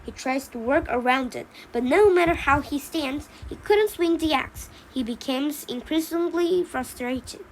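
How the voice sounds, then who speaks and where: A woman reading the narration of a storybook play aloud, halting, with small slips. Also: high voice, a little hiss or hum, low-quality recording. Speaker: reader.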